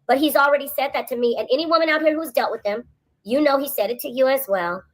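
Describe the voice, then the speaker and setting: A woman co-hosting a casual commentary stream, telling stories in an animated, indignant way. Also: high-pitched, quick pace. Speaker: co-host.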